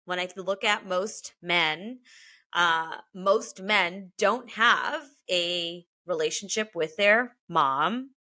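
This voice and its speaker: A woman's voice: on the low side, slow pace, pushed and bright. A woman in her thirties, a podcast co-host, chatting candidly and emotionally and swearing freely. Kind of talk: casual chat.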